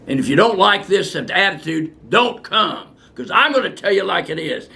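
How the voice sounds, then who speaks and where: A man's voice: high-pitched, very animated, moderate pace, gravelly, hardly any pauses, sharp tone. An older male physician answering viewer questions in a blunt, fiery and profane way, ranting at length. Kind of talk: unscripted question-and-answer talk.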